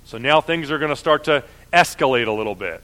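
A man's voice: medium pitch, expressive, fairly quick, a bit bright. A man preaching a sermon in a conversational way, often acting out the voices of objectors. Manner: conversational, with frequent fillers and mock voices of objectors.

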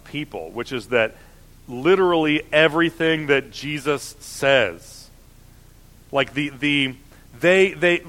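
Bright-voiced male preacher, conversational. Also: fairly high pitch. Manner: conversational, with frequent fillers and mock voices of objectors. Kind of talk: sermon.

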